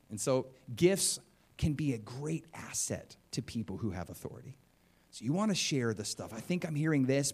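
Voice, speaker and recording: A man preaching a sermon in an animated, conversational way, often acting out what people say. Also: medium pitch. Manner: animated and conversational, acts out quotes.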